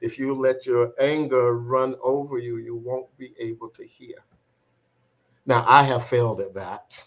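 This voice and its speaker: Brief: male coach, mid-pitched, halting storyteller who acts out quotes, lightly muffled recording. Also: steady tone, a bit bright. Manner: reflective, halting, repeats words while searching for them. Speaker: transformation coach. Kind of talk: telling a personal story in an interview. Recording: slightly dull, muffled sound.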